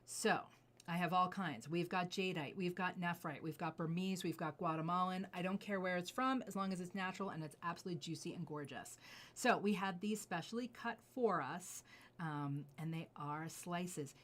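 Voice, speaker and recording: A middle-aged woman, a jewelry designer, showing off her pieces in an effusive, gushing way, often dropping to soft asides. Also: on the low side, moderate pace. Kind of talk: enthusiastic product showcase.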